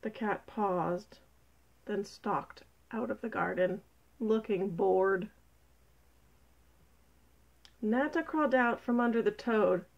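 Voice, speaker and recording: A woman reading a children's picture book aloud in a gentle, expressive, unhurried way. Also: mid-range voice, gravelly, highs cut off. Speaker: storybook reader.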